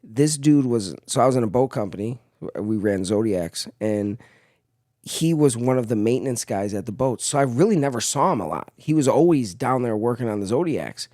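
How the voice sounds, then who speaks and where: A young man who spent time in the Marines is chatting on a podcast, and his stories are full of swearing. His voice sits in a middle pitch. He livens up as the anecdotes build, and the sound is dry and close. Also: normal speed, no room sound. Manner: profane storytelling, animated in anecdotes. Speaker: podcast co-host, former Marine. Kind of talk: casual chat.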